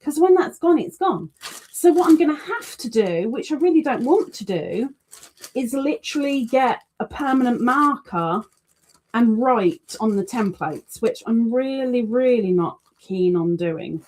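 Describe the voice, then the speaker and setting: Woman, livestream host, casual chat, self-deprecating, higher voice. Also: a little slow. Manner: chatty, self-deprecating, animated asides.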